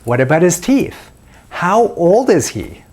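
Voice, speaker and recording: A dating coach offers self-help dating advice in a video, walking the listener through a long series of guiding questions in a coaching tone. His high voice has a sing-song quality, with a slow pace and a darkish tone.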